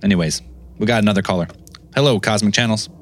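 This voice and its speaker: Male call-in host, relaxed, cursing freely, low voice, faint hiss behind. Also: quick pace. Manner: laid-back, swears casually. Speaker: podcast host taking calls. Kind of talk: casual call-in chat.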